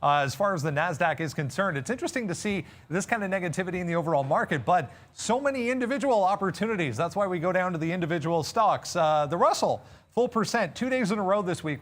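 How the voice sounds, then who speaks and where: A man co-hosting a trading show, walking through the markets in a measured, methodical rundown. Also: fairly high pitch, animated. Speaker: market analyst co-host. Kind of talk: market recap commentary.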